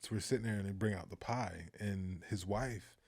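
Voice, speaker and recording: A man talking casually in an interview, telling lively anecdotes, acting out the voices of the people in them and laughing often. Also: lowish voice, moderate pace, husky. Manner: animated storyteller, acts out quoted voices, laughs often. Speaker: filmmaker guest.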